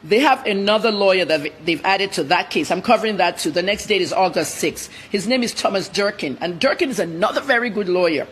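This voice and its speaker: A woman journalist from Nigeria, a guest on a TV interview, telling her story in a blunt, rapid-fire way. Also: medium pitch, animated, a little hiss or hum. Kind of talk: TV interview commentary.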